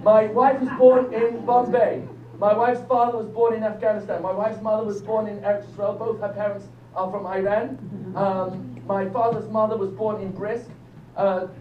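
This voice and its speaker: An older man, a rabbi giving a lively lecture that quizzes the audience and jokes with them. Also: high voice, moderate pace. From England. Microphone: phone recording from the audience. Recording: distant, echoey, dull phone recording with faint hum.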